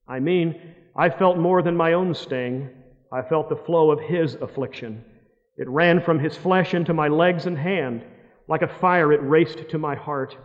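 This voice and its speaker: A man preaching a sermon, telling stories dramatically, with loud outbursts that drop to hushed words. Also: mid-range voice. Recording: dull long-reverb hall sound.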